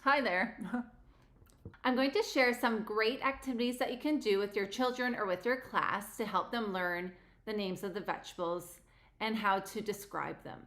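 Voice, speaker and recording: Woman, teacher, friendly, demonstrating classroom games, drawn-out modeled words. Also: medium pitch, fairly bright tone. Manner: friendly, slows and stretches words to model them.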